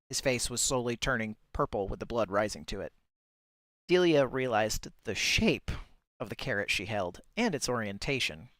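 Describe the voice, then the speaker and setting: A man reads a short story aloud on a livestream show, breaking in now and then with wry, self-mocking remarks. His voice sits at an ordinary pitch and sounds dry and close to the mic. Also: fairly bright tone, dry recording. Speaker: podcast host and reader. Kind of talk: reading fiction aloud on a livestream.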